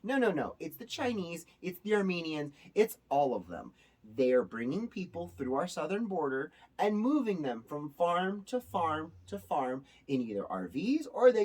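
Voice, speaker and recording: A man's voice: on the high side, moderate pace, breathy edge. A male host giving casual spoken commentary to his viewers in an emphatic way, with a touch of sarcasm. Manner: animated, emphatic, sometimes sarcastic. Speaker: show host.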